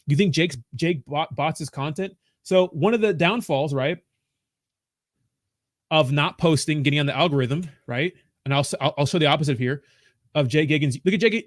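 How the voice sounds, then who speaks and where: A man's voice: a little high, dry recording. A man hosting a crypto livestream from a small home studio, rambling and ranting with constant swearing. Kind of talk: casual livestream rant.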